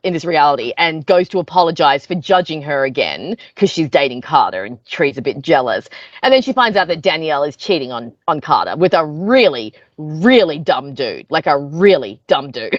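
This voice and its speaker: A woman co-hosting a casual film review chat, animated and laughing often, acting out scenes as she retells them. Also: sits low, moderate pace, dry recording. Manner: animated, laughs often, acts out quoted lines. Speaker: podcast co-host. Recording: dull lo-fi dry sound.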